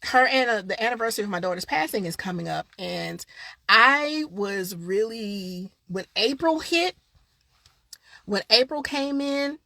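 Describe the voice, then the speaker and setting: A woman's voice: a little high, lively intonation, a little slow, vocal fry, bright, forceful tone, dry recording. A woman hosting a casual live-stream show, chatting candidly and directly to her viewers. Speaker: host of a live online show.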